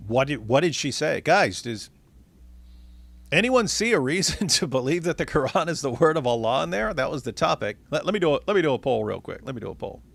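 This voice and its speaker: Gravelly excitable man hosting a stream. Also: fairly high pitch, fairly quick. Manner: excitable, talks to chat. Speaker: livestream host. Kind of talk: casual livestream commentary.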